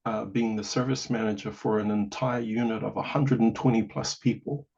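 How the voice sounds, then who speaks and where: A man, a podcast guest telling a personal story in a lively way, full of "you know" asides. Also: on the low side, normal speed, vocal fry, slightly rough. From New Zealand. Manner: animated, acts out quoted voices, many "you know" asides. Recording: dull lo-fi audio.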